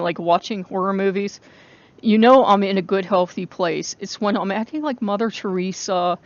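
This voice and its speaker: A woman's voice: mid-range voice, no echo, highs cut off. Swearing, rambling woman in her forties. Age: 40s. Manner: swears freely, rambling and laughing often. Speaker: channel host. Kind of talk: casual spoken vlog.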